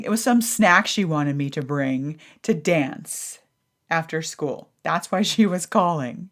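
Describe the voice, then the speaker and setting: A woman hosting a podcast, telling a personal story in an animated, casual way that sometimes includes swearing. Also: on the low side, moderate pace. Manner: animated, acts out her own thoughts in a raised voice, swears casually. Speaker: podcast host.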